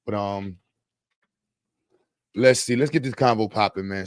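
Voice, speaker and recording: Low-voiced man rambling on a livestream. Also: animated, normal speed, long pauses, no echo, clean studio sound. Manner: rambling, slangy, loose and joking. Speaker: livestream host. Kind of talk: casual live chat with viewers.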